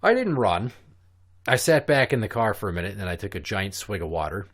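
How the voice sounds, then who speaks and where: A man with a fairly low voice tells a story on his podcast, cursing freely. He talks casually and with lots of animation. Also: fairly quick. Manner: profane, animated. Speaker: podcast host.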